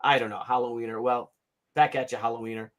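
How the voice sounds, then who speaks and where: A man in his fifties hosting a casual livestream, ranting in an animated, sarcastic and profane way. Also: mid-range voice, quick pace. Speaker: comic artist hosting a livestream.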